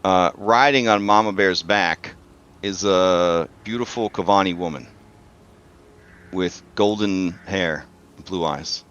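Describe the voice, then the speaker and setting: A man's voice: low voice, slow, a bit bright, clean tone. A man narrating as game master, hesitant and full of uhs while he describes scenes. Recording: dull lo-fi sound.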